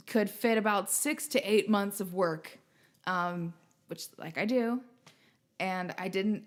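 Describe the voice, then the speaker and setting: A woman hosting a livestream show, chatting casually in a rambling, self-mocking, joking way. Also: mid-range voice. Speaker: stream show host.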